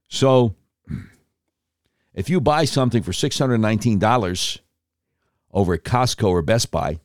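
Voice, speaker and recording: A man's voice: on the low side, no echo, clean studio sound. A man hosting an opinionated talk monologue, sarcastic and mocking as he comments on clips. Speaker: political commentary host.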